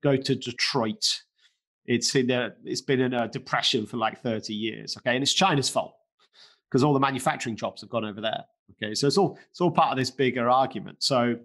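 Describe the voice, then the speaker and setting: A man's voice: mid-range voice, brisk, a bit bright. A man co-hosting a markets podcast, explaining in a casual, emphatic way with plenty of "okay" and "you know". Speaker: co-host, markets commentator.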